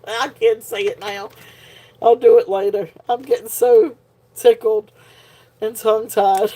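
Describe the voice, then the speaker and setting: A woman's voice: fairly high pitch, fairly even intonation, slow pace, long pauses, a little mellow. A woman hosting a live jewelry sale in casual chat, tired and punch drunk, giggling often as she talks. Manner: giggly, laughs often while talking.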